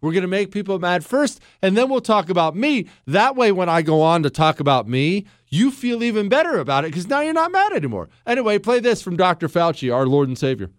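A man hosting a talk radio show, joking sarcastically and swinging between mock outrage and quiet earnest talk into a studio mic. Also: sits high, sing-song, fairly quick, hardly any pauses, no echo. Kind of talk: conservative talk radio monologue. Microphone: studio microphone.

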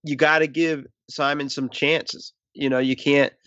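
A man's voice: on the high side, flat delivery, unhurried, fairly bright tone, dry recording, highs cut off. A man co-hosting a casual sports podcast, rambling and restarting his sentences as he talks. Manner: rambling, restarts often, self-aware about stuttering. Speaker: podcast co-host.

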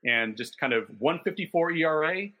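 A man's voice: on the high side, expressive, normal speed, highs cut off. A man co-hosting a casual sports podcast, telling stories in detail and backing them with statistics. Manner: detailed, enthusiastic storytelling with stats. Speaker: podcast co-host.

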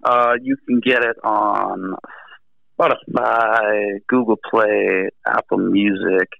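Deep gravelly man on lo-fi audio. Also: steady tone, slow, no echo. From Canada. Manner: laid-back, rambling, many fillers. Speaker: band singer and guitarist, guest. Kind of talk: casual interview chat.

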